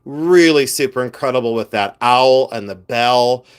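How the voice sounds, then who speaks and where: A man's voice: medium pitch, normal speed, clear, resonant tone. A man hosting a live stream, chatting casually and playfully with viewers, teasing and laughing often. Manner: chatty and effusive.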